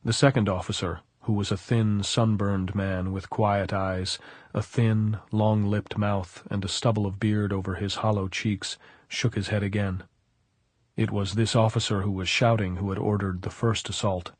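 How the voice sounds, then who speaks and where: A male audiobook narrator with a low, husky voice, reading in a steady, even way. The recording is dry and close, with no room sound. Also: moderate pace, dry recording. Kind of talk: scripted narration.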